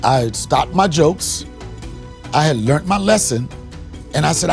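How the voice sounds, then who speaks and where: A man from the Washington, D.C. area hosting a podcast, telling a comic story with loud punchlines and bursts of laughter. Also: fairly high pitch, lively intonation, measured pace, creaky, long pauses, faint music behind. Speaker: podcast host, comedian.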